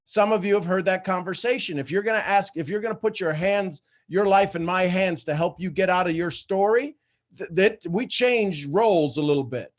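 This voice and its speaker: A man in his fifties hosting a live coaching call, blunt and emphatic, swinging between loud lines and hushed ones. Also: high-pitched, normal speed. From Ireland. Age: 50s. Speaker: host and coach.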